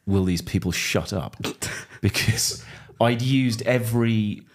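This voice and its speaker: A middle-aged man from England with a fairly low voice, telling dry, self-deprecating stories as a podcast guest. He talks in a relaxed, conversational way, close to a studio mic. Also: slow. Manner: wry, self-deprecating anecdotes. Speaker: comedian guest. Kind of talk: casual chat, storytelling.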